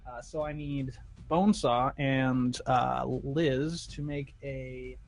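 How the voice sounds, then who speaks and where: A man's voice: mid-range voice, fairly even intonation, slow, creaky. A man narrating as game master, laid-back and often chuckling.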